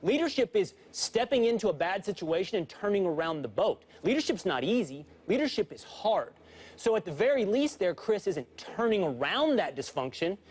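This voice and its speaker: High-voiced man arguing sports points. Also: sing-song, moderate pace, a little mellow, breathy edge. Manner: emphatic, builds points by numbered lists. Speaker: sports talk show panelist. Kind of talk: argumentative sports debate.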